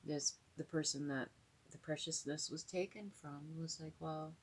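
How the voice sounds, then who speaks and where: A woman's voice: deep voice, normal speed, husky. A middle-aged woman talking casually to her viewers, rambling and earnest, with lots of fillers and repeated words. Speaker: vlogger. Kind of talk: casual talk to camera.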